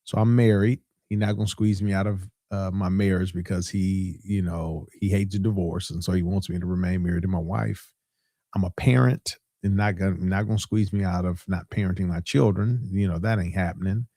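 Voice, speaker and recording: Deep gravelly pastor telling a story. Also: male voice, fairly even intonation, fairly quick, mellow, no echo, clean studio sound. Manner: storytelling, conversational, repeats points for emphasis. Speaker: podcast host and pastor. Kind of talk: casual preaching podcast talk.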